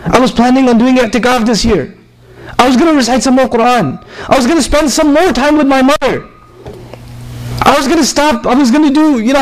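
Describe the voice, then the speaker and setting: A man's voice: very high voice, poor audio. A man voicing a fretful dying believer. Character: anxious dying believer, regretful and pleading.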